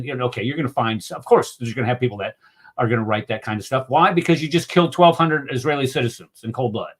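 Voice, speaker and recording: A man's voice: mid-range voice, brisk. A man in a heated political discussion, indignant and mocking, often restarting his sentences. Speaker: discussion group co-host.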